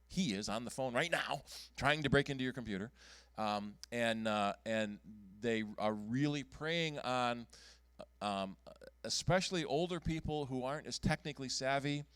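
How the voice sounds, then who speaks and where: A man giving a casual talk at a computer club meeting, halting often with ums and restarts as he clicks through his screen. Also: medium pitch, clean tone, no room sound. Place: meeting room.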